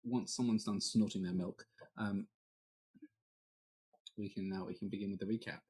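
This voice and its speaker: A young man with a husky voice, hosting a tabletop game podcast over a video call and joking in an exasperated way with his players. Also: fairly low pitch, fairly even intonation, moderate pace, darkish tone. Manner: exasperated, joking, swears a lot. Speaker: game master and podcast host.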